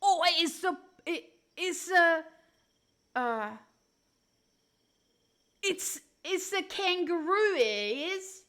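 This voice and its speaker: A woman's voice: very high-pitched, lively intonation, extremely slow, pauses often, voice pushed up, full character voice. A woman putting on a brash, stumbling, exaggerated mock Australian accent as a joke. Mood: goofy. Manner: loud, jokey, stumbling. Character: brash exaggerated Aussie larrikin, bumbling.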